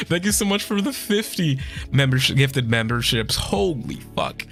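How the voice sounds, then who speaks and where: A man's voice: mid-range voice, sing-song, moderate pace, gravelly, fairly bright tone, soft background music. A young man streaming casual chat, tearful and swearing a lot as he thanks his viewers.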